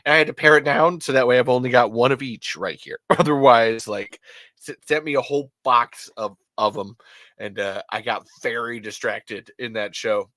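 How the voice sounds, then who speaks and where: A man hosting a podcast in casual chat, telling stories in an excitable, rambling way with stammered restarts and swearing. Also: medium pitch, moderate pace, dry recording. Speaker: podcast host.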